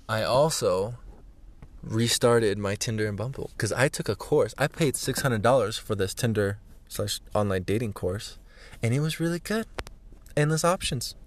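A man's voice: medium pitch, expressive, measured pace. A young man talking to the camera in a candid vlog monologue, rambling and blunt, swearing freely and sometimes dropping to a whisper, recorded indoors in a room. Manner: rambling, blunt, profane, drifting into hushed whispers. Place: indoors, a room where he is staying.

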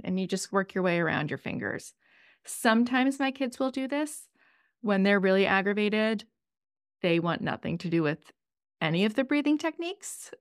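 A woman podcast co-host and parent, gently walking listeners through calming exercises in a casual chat. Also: mid-range voice, normal speed, dry recording, studio quality. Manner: gentle, instructive, sing-songy with kids' exercises.

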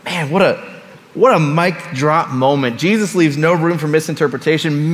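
Pastor, male, slightly high voice, chatty sermon delivery with asides, long hall reverb. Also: moderate pace. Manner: conversational, with casual asides and repeated phrases.

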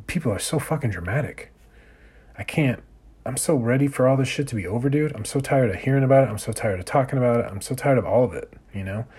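A man's voice: mid-range voice, fast, darkish tone, husky. A man in his thirties hosting a solo podcast, ranting in a profane, exasperated way. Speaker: podcast host.

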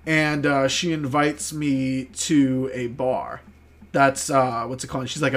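A man's voice: mid-range voice, fairly even intonation, takes it slowly, a bit bright. Rambling, profane New podcast guy. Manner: rambling, profane, heavy filler words. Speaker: podcast co-host. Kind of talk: casual chat, storytelling.

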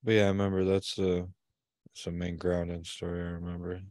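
A man's voice: low-pitched, monotone, brisk, darkish tone, no echo, clean studio sound. A man, a father, co-hosting a podcast, telling a childhood story in casual chat, swearing freely and acting out what people said. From Michigan. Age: adult parent. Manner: swearing storyteller who acts out quotes. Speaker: podcast co-host.

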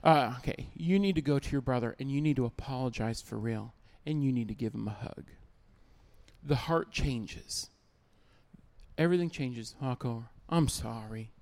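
A man's voice: mid-range voice, normal speed, a little mellow. A man preaching a sermon as pastor, emphatic, repeating key lines and acting out little everyday scenes.

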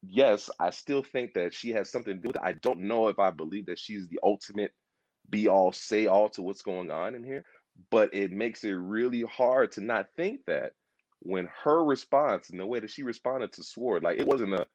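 A man with a lowish voice, talking at normal speed, rambles with animation about a TV series, repeating points and acting out lines. The casual pop culture discussion comes through a dry recording with dull audio.

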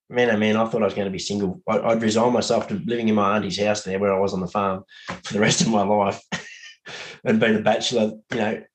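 Laid-back Australian bloke. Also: male voice, on the low side, fairly even intonation, brisk, poor audio. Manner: laid-back, laughs easily, swears. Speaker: podcast guest. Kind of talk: casual podcast chat.

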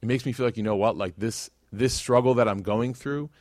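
A man's voice: medium pitch, fairly quick, dry recording, clean studio sound. Casual storytelling man lecturer. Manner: casual, animated storytelling with voiced quotes.

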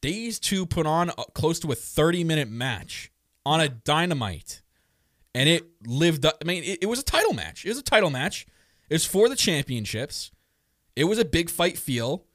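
Male podcast co-host, excitable and jokey, recorded close and dry. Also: fairly high pitch, normal speed, no echo. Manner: excitable, joking, many restarts. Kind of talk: casual wrestling chat.

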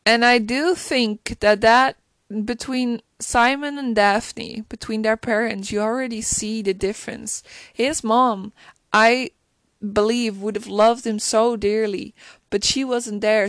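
A woman's voice: on the high side, no room sound. A woman chatting casually and gushingly about a TV episode, full of restarts. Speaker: show reviewer.

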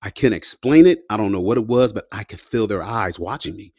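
Veteran man, low voice, dry close sound, casual storytelling full of slang fillers. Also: lively intonation, fairly quick, no echo. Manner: loose and slangy, peppered with "you know" and "man". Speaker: combat veteran guest telling his story.

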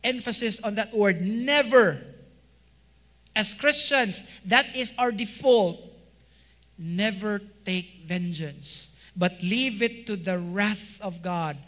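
A male pastor delivers a sermon in a high, bright voice. He takes his time, pausing for rhetorical questions and stressing single words before sinking his phrase endings low. The sound carries a long hall reverb. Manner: preaching with rhetorical questions, rising emphasis then dropping low.

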